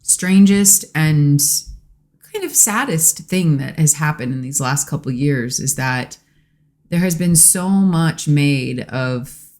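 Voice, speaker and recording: Woman guest, low voice, earnest reflective delivery. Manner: earnest, reflective, quotes people in lively bursts. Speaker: podcast guest, host's wife. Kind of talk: casual conversation.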